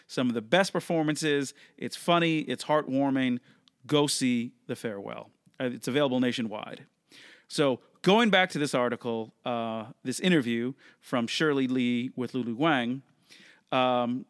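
A man hosting a solo podcast, speaking casually into a close mic at a middling pitch. His delivery is conversational, and his voice sometimes leaps up in pitch for emphasis. The sound is dry, with no room around it. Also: a bit bright, no room sound. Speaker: podcast host.

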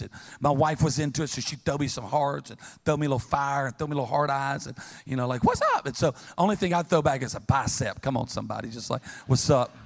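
A middle-aged man preaching a sermon as pastor, telling funny stories with lively call-and-response to the congregation. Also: medium pitch, creaky. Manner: humorous, animated storytelling with call-and-response. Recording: long reverb of a large hall.

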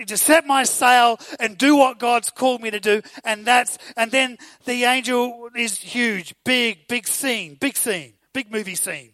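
A man with an Australian accent preaching a sermon, telling the story with animated asides and rhetorical questions to the audience. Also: very high-pitched, no room sound.

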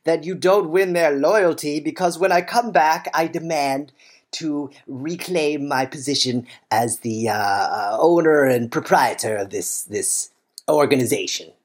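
A woman playing a pompous, self-important male billionaire boss in an improvised comedy sketch, drawling and halting. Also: low-pitched. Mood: commanding. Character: pompous billionaire boss, man, middle-aged.

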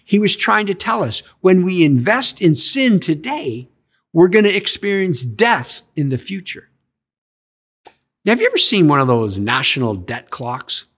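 A man delivers a sermon with a fairly high voice that swings up and down in lively arcs. He keeps questioning his listeners as he preaches. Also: unhurried. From Canada. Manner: animated, questions the audience. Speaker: pastor.

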